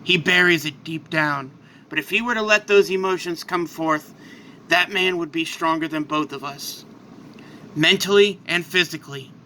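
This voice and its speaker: A man's voice: fairly high pitch, normal speed, pushed and bright, slight background noise. A man voicing a strong, friendly male superhero who talks in an earnest, bold way.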